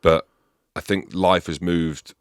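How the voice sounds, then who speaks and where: A man's voice: sits low, steady tone, slow, smooth, no echo, clean studio sound. A man hosting a podcast in casual chat, leading with emphatic questions. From England. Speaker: podcast host.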